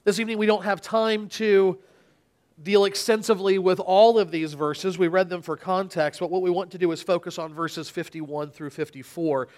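A man's voice: sits high, fairly even intonation, moderate pace, a little mellow. A man preaching in a church service, reading scripture dramatically and then explaining it. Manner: dramatic reading with emphatic quoted speech.

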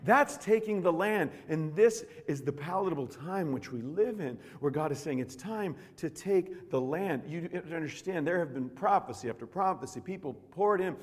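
Fervent high-voiced preacher in a reverberant hall. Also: male voice, lively intonation, fairly quick, hardly any pauses. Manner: fervent, swings from quiet to shouting. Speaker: pastor. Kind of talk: sermon.

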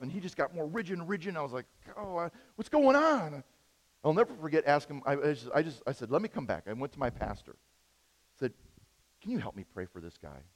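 A man preaching a sermon, telling stories with big swings from quiet to loud. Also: medium pitch, long reverb tail. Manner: animated storytelling, big swings in loudness. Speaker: pastor.

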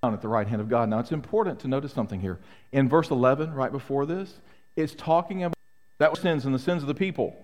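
Here a middle-aged pastor of medium pitch and darkish tone preaches at a quick pace. His sermon to the congregation is emphatic and full of rhetorical questions, recorded in a church sanctuary with long hall reverb.

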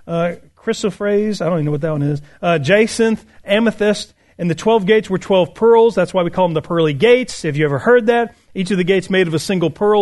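Pastor, man with a high voice, preaching in an easy conversational way, reading and unpacking scripture. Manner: conversational, with fillers and restarts. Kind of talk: sermon.

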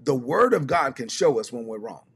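Husky-voiced man preaching emphatically. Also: mid-range voice, big pitch swings, normal speed. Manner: emphatic, repetitive, conversational preaching. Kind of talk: livestreamed teaching sermon.

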